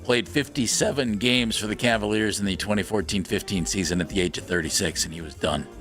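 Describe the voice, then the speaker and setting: A man's voice: lowish voice, brisk, fairly bright tone, soft background music. A man co-hosting a sports radio show, talking casually and dryly teasing his partner as he lays out a prepared bit. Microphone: studio microphone.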